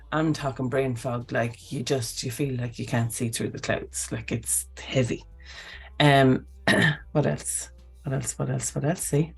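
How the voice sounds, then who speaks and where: Woman hosting a chatty live talk, very low husky voice, keeps saying okay, right. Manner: animated, chatty, frequent okay and right tags. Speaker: host.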